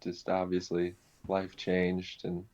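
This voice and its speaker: A young man telling his conversion story in casual conversation, animated, laughing often and restarting his sentences. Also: sits low, slow pace. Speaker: guest sharing his conversion testimony. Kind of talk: conversational personal testimony. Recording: dull lo-fi sound.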